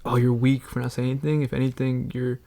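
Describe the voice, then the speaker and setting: Gravelly young man telling rambling stories. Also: medium pitch, flat delivery, fast talker, dark tone. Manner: rambling storytelling, laughs often, swears a lot. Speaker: podcast co-host. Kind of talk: casual chat.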